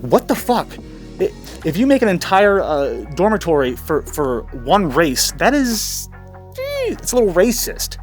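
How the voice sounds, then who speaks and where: A man hosting a comedic commentary channel, ranting crudely with stammers and sarcastic jokes. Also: sits high. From Middle East.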